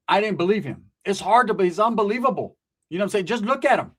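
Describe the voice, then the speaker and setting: A man from Northern California telling a comic story in a high voice. He talks in a rambling, profane, slang-heavy way. He keeps checking in with "right?". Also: lively intonation, fast, a bit bright. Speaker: storyteller, comedian. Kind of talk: comedic storytelling.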